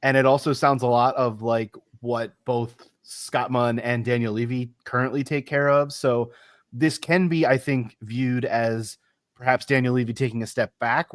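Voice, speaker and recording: A man co-hosts a casual football podcast in a measured, analytical way, often restarting his sentences. His voice sits in a middle range and sounds dry and close. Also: medium pitch, no echo. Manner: measured, analytical, stumbles over repeated words. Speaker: podcast co-host.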